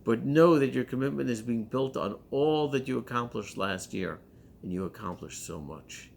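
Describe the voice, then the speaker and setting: A man's voice: mid-range voice, normal speed, gravelly, a little hiss or hum. A male rabbi giving a holiday sermon, exhorting with rhetorical questions.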